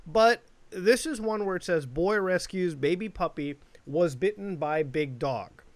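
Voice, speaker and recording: A man's voice: sits high, lively intonation, a little slow, no echo. A young man giving blunt, profane, outraged reaction commentary on online videos. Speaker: commentary YouTuber.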